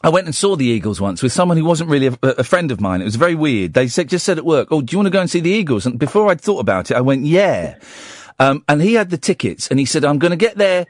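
A man's voice: on the high side, fast talker, few pauses, no echo, clean studio sound. A man hosting a radio show, chatting casually and playfully with his guest. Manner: playful, lively interjecting. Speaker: radio host.

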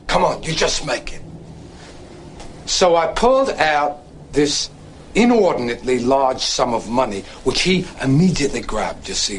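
A man's voice: mid-range voice, slight background noise, natural voice. An actor playing a chatty man with a put-on Cockney accent, telling a story about a dog-racing bet in a film scene. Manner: storytelling, addresses listener repeatedly. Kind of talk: film dialogue.

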